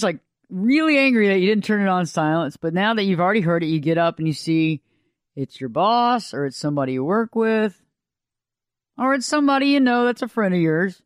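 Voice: medium pitch, animated, a little fast, smooth, no room sound, clean studio sound. A radio talk show host, delivering a folksy, conversational monologue.

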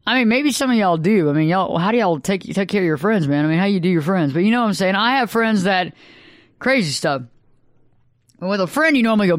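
A woman's voice: expressive, fast, no echo. Chatty woman in a dry room. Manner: chatty, acts out quoted arguments in sudden high bursts. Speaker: couples therapist. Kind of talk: casual solo monologue.

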